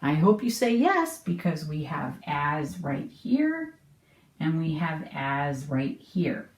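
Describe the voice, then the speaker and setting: A woman's voice: low-pitched, sing-song, slow, roomy sound. A middle-aged woman teaching an online homeschool lesson, explaining patiently and asking the viewer questions.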